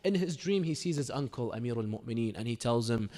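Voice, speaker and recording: A man's voice: medium pitch, animated, fast, warm tone. A man giving a sermon to a congregation, telling a religious story in a dramatic storytelling manner. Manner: dramatic storyteller, sometimes breaks into mournful chanting. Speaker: religious speaker. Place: community religious center hall. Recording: echoey hall with long reverb.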